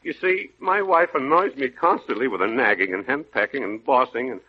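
A man's voice: medium pitch, expressive, brisk. Blustering man on old radio comedy. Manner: blustering, then meek and cooing. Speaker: comic advice guest. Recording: dull lo-fi old radio recording with faint hiss.

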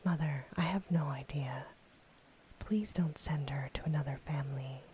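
A woman's voice: deep voice, moderate pace, mellow, slight background noise, natural voice. A woman whispering the lines of a weary, sardonic young prince in a whispered role-play storybook reading.

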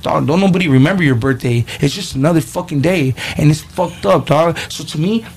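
A man telling profane, animated street stories in casual talk. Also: fairly high pitch, a little fast, vocal fry, slight background noise. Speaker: podcast guest, rapper. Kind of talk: casual storytelling.

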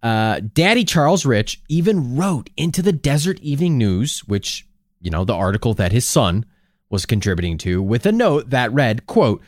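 A male podcast host telling an old tale with lots of swing in his pitch and a playful, sarcastic edge. His voice is recorded close and dry, with no room sound around it. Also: very animated, normal speed, dry recording. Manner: jokey, sarcastic asides. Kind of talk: casual storytelling chat.

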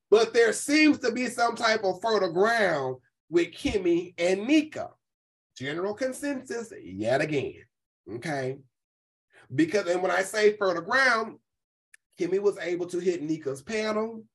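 Female host, casual profane commentary, animated, does quick impressions. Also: fairly low pitch, low-quality recording. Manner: animated, profane, quotes people in voices.

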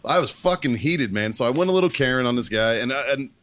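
A man's voice: mid-range voice, expressive, quick pace, fairly bright tone, no room sound. A man hosting a podcast, telling a story in casual, profane chat and acting out the exchanges he quotes. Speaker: podcast host.

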